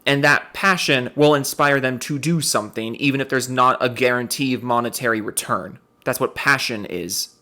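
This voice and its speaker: A man's voice: mid-range voice, moderate pace, few pauses, bright, forceful tone. A young adult man giving sarcastic reaction commentary on a video clip, rambling and swearing as he picks the speaker's points apart.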